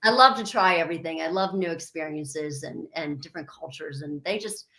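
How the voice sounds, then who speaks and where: A woman's voice: low-pitched, fairly quick, sharp tone, poor audio. A woman, a country singer guest, chatting in a bubbly, talkative way and acting out her stories in voices. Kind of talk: casual chat.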